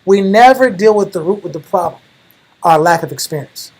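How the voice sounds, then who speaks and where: A young man preaching a lively, slangy sermon, animated and calling the room bro. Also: sits high, normal speed, poor audio. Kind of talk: lively street-style sermon.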